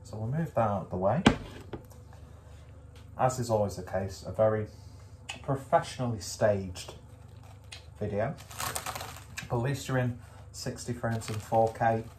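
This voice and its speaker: A man casually reviewing food to camera from a home kitchen, in a relaxed, dry and self-mocking way. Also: on the low side, unhurried, pauses often, slight background noise. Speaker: food vlogger.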